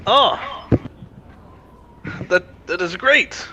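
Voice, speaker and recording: A man's voice: high-pitched, expressive, very slow, background noise. A man playing a ship captain in a tabletop game, stammering and eager. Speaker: player. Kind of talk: in-character play as a ship captain.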